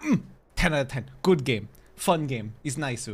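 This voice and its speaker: This game streamer has a mid-range voice with a breathy edge and speaks at a moderate pace. The live commentary is casual, giggly and excitable, aimed directly at chat.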